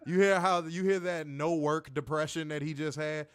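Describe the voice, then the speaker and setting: A man co-hosting a casual wrestling review, profane and animated, reading viewer comments aloud. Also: fairly high pitch, moderate pace, clear, resonant tone, no room sound, clean studio sound. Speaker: podcast co-host.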